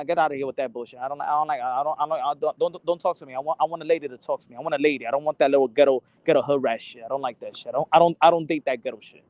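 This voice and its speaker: A man with a fairly high, slightly mellow voice rants casually to the camera for his boxing channel, cursing frequently. He stammers, repeats words, and drifts into Spanish phrases. The recording is dry, with the highs cut off.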